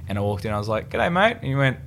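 A man's voice: lowish voice, very fast, slight background noise. A young Australian man with an Australian accent, a guest actor chatting casually and acting out stories with quoted exchanges. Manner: animated storyteller, acts out quoted exchanges. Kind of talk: casual interview chat.

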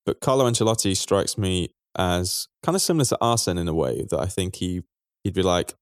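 A man co-hosting a football chat, talking in a relaxed, thoughtful way. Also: sits low, fairly quick, no room sound, clean studio sound. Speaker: football podcast co-host. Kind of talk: casual chat.

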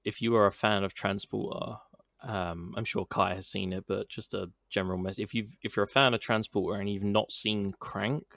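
A man's voice: on the low side, steady tone, normal speed, gravelly, fairly bright tone. A man co-hosting a casual podcast in a laid-back, questioning manner. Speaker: podcast co-host.

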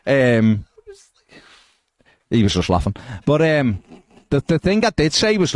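A man's voice: medium pitch, a little slow, long pauses, dry recording. A man co-hosting a casual podcast, reading out viewer comments with jokey banter. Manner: jokey, animated, swings into mock voices.

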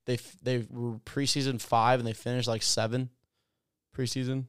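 Casual man telling a story, clear voice. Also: mid-range voice, normal speed, dry recording, studio quality. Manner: animated storyteller, acts out quotes in a raised voice. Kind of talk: casual sports chat.

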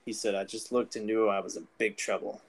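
A man's voice: lowish voice, steady tone, brisk, low-quality recording. A man co-hosting a podcast, telling a story in casual chat with a teasing, joking manner. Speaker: podcast co-host.

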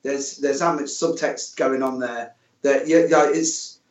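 Jokey podcast host, roomy far-off sound. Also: male voice, medium pitch, steady tone, measured pace. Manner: chatty, jokey, repeats himself. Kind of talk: casual interview. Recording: distant, echoey, muffled room sound.

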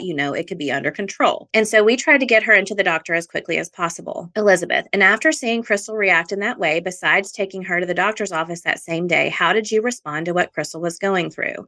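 Bright-voiced woman reading court testimony. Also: on the low side. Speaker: podcast host recounting her own court case. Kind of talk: reading trial transcript aloud.

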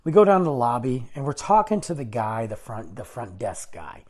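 A man at medium pitch and normal speed tells a rambling, casual story on his vlog. He's animated and self-correcting, and he acts out what the people in the story said.

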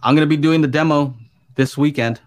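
A man co-hosting a podcast, explaining things in an easygoing, measured way over a video call. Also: a little high. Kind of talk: casual chat.

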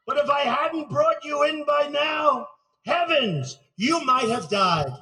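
A man's voice: very high-pitched, expressive, slow pace, sharp tone, distant mic, exaggerated voice, poor audio. A man reciting as a tender-hearted woman. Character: tender-hearted woman, kind then betrayed.

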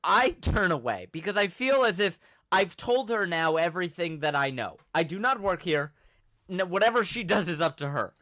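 A young man hosting a podcast, telling a story in a casual, animated way and acting out the quotes. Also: sits high, moderate pace, dry recording, studio quality. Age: young adult. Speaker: podcast host.

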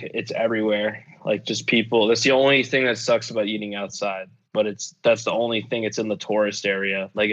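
A man's voice: lowish voice, fairly bright tone. A young man telling stories casually on a podcast, laid-back and profane, laughing often. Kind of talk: casual storytelling chat. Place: apartment abroad, call-in. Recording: dull lo-fi audio.

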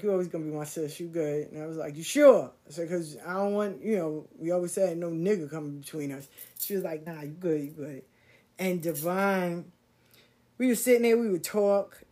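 A middle-aged woman casually telling a story from her life, quoting people in a lively slangy voice. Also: fairly low pitch, normal speed.

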